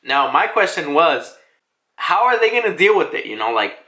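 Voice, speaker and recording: A man casually recapping a manga chapter, excitable and laughing, with frequent swearing. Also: a little high, normal speed. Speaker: manga reviewer. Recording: roomy echo.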